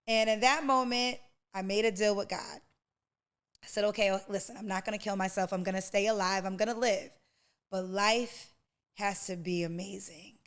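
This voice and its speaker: Smooth-voiced woman giving heartfelt testimony. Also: mid-range voice, fairly even intonation, normal speed. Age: 40s. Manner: emotional, preacherly, addresses listener as honey and baby. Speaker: podcast host. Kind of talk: personal testimony.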